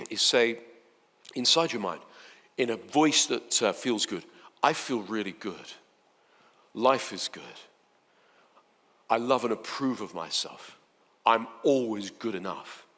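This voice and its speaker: A man giving a chatty, playful seminar talk to a live audience, swinging between soft and loud. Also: mid-range voice, long reverb tail. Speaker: motivational speaker.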